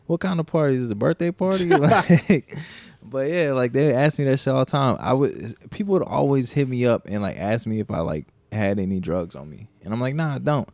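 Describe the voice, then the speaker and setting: Low gravelly guy on a podcast, swearing a lot, telling stories, dry sound. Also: normal speed, dry recording. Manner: profane, animated storytelling. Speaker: podcast co-host. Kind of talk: casual chat.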